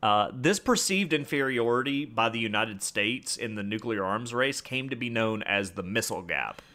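A man leads a history podcast in relaxed chat, breaking up his explanations with wry asides. His pitch swings freely from phrase to phrase, and his tone is bright and forceful. The feel is loose, like friends talking. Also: normal speed. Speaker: podcast host. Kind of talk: casual history podcast narration.

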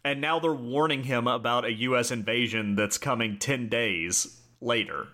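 A man's voice: medium pitch, normal speed, bright, forceful tone. A young man co-hosting a casual history podcast, explaining from his notes and laughing easily. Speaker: podcast co-host.

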